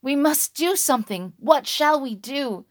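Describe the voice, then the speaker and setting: A woman's voice: high-pitched, animated, a little slow, dry recording, clean studio sound, pitched above the performer's own voice. A woman voicing frightened villagers who cry out for help in a told story. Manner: pleading, raised. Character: frightened villagers crying out together.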